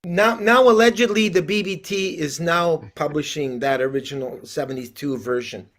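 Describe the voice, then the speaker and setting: An older man co-hosts over a video call, with a voice pitched well above the usual for a man. He jumps into the conversation eagerly and speaks with animation. He is responding to someone else rather than leading the talk. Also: moderate pace, fairly bright tone. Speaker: co-host.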